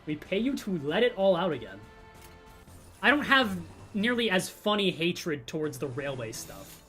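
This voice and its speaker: A man's voice: high-pitched, very animated, normal speed, sharp tone. A man streamer chatting casually, reading chat aloud and joking. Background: faint music.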